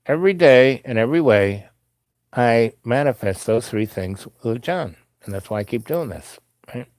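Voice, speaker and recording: A man's voice: medium pitch, lively intonation, normal speed, a little mellow, dry recording. Rambling man telling a story. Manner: loose, meandering, full of "you know" asides. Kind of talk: rambling personal anecdote.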